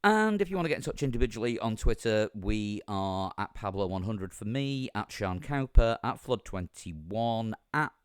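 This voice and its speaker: A man hosting a casual podcast with a croaky, strained voice, joking and laughing often between his ums. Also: lowish voice, animated, moderate pace, few pauses, no echo, studio quality. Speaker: podcast host.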